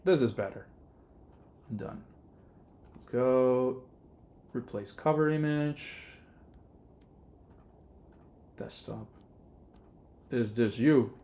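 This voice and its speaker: A man's voice: mid-range voice, extremely slow, pauses often, warm tone. A man, a native Spanish speaker with a Rioplatense accent, casually chatting and thinking aloud as he streams his game development work. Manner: rambling, thinking aloud with many fillers. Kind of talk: casual live-stream chat while working.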